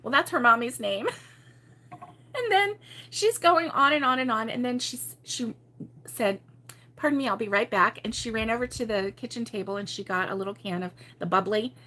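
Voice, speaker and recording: Middle-aged woman host, chatty and laughing, with a crisp, bright tone sitting a bit high. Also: moderate pace. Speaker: crochet channel host. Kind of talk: casual live chat with viewers.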